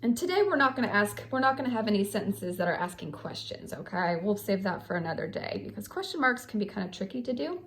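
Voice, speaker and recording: A woman's voice: mid-range voice, sing-song, fast talker, few pauses. A woman teaching young children to write sentences, patient and sing-song, calling them friends. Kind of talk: children's writing lesson.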